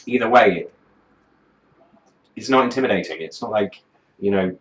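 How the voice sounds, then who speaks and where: A man's voice: on the low side, moderate pace, long pauses. A man reviewing a song in a scornful, sardonic rant, swearing freely as he picks it apart. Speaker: music reviewer. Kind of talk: profane reaction commentary. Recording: roomy, dull lo-fi sound.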